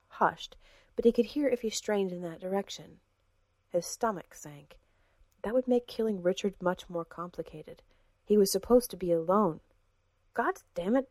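Woman reading a story aloud, lowish voice, dry close sound. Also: a little mellow, dry recording. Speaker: audiobook narrator. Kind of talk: scripted narration.

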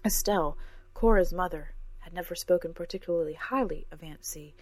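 A woman's voice: on the low side, brisk, a little mellow, no echo. A woman reading a fantasy story aloud as scripted narration, raising her voice for the characters' lines. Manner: reads every character herself, lifting her voice for dialogue.

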